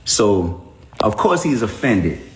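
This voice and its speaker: A man, talking casually and preachily to viewers on a livestream, giving emphatic points and shout-outs. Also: fairly low pitch, big pitch swings, slow, roomy sound. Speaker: rapper on a livestream.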